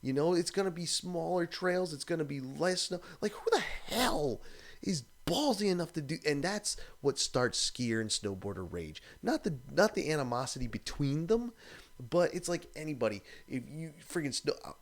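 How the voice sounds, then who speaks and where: A man's voice: fairly high pitch, animated, normal speed. A man hosting a live stream, ranting in a casual, profane, exasperated way.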